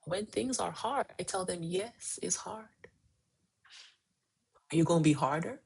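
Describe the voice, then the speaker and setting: This woman in her forties, a weight-loss coach, has a fairly low, gravelly voice, a little mellow and breathy, with lively intonation and a slightly slow pace. She coaches on a casual phone livestream, being emphatic and repeating key phrases.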